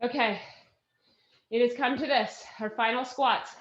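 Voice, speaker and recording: Woman fitness instructor, high voice, winded, upbeat cheering, measured delivery. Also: steady tone, roomy sound, muffled recording. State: out of breath. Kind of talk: live workout class coaching.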